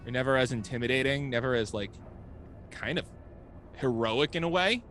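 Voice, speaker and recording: A man's voice: medium pitch, expressive, moderate pace, fairly bright tone, soft background music. A man running a tabletop game as game master, narrating loosely with frequent laughs and fillers.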